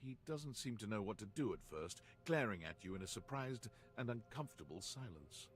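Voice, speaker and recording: A man's voice: on the low side, lively intonation, a little fast, close to an everyday voice. A man narrating scenes in a video game in a dry, wry scripted manner.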